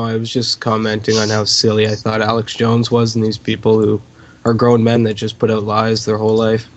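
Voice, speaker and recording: A man on a call-in radio show, speaking with a flat, dismissive delivery. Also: medium pitch. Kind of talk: casual call-in radio talk. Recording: dull lo-fi sound.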